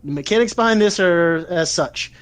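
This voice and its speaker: A man with a somewhat high voice, chatting on a podcast and telling a story with lots of energy and cursing. He sounds close and dry on the mic, with no room around him. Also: moderate pace, no echo. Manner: animated, swearing storyteller. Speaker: podcast co-host. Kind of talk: casual chat, retelling an anime plot.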